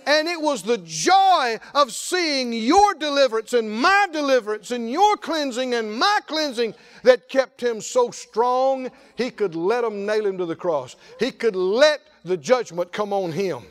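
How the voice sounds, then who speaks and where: A male pastor preaching a lively sermon, often laughing and calling out to the congregation. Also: very high voice, unhurried, hardly any pauses, clear, resonant tone. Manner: animated, laughing, call-and-response preaching.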